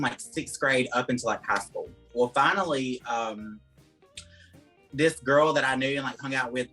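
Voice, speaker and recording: A man's voice: mid-range voice, pushed and bright. A young man with a Southern American accent, telling personal stories as an interview guest, chatty and full of "um" and "like". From Georgia, USA. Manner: chatty, lots of "um" and "like". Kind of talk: casual storytelling interview. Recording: faint guitar music underneath.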